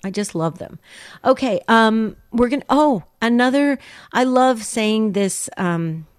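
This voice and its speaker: A woman's voice: a little high, expressive, a little slow, smooth, dry recording, clean studio sound. A woman co-hosting a call-in radio show, enthusiastic and gushing as she introduces callers. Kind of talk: casual call-in radio chat.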